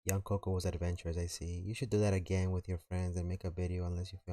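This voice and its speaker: Deep-voiced New man telling a story. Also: little pitch movement, quick pace, hardly any pauses, warm tone, no room sound, clean studio sound. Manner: rambling, filler-heavy, slangy. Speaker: streamer. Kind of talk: casual storytelling on a live stream.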